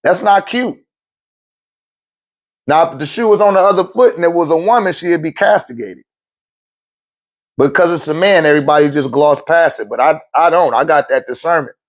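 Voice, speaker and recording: A man's voice: fairly high pitch, normal speed, long pauses. A middle-aged man, giving blunt, profane life advice in a casual monologue and laughing often.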